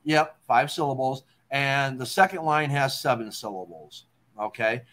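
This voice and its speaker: A man hosting a casual talk show, explaining poetry terms in a relaxed way and checking in with "okay?". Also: mid-range voice, a little slow. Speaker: podcast host.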